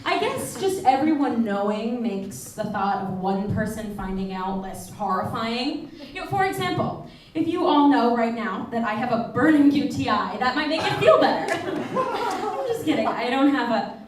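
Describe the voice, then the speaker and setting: A woman's voice: a little high, very animated, moderate pace, noisy background. A young woman doing a stand-up comedy set, oversharing and self-mocking and laughing between her punchlines. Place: theater stage with live audience. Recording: distant, echoey live stage recording.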